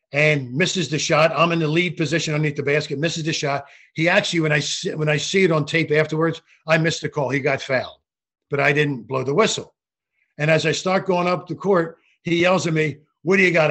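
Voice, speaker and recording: An older man, a former referee, telling animated anecdotes in a casual interview, with frequent restarts. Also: fairly high pitch. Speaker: guest, former basketball referee.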